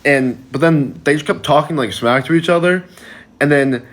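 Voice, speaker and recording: A man's voice: fairly high pitch, normal speed, fairly bright tone. A young man casually telling a personal anecdote for a social video, rambling and packing his sentences with "like". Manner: rambling, heavy use of "like" fillers.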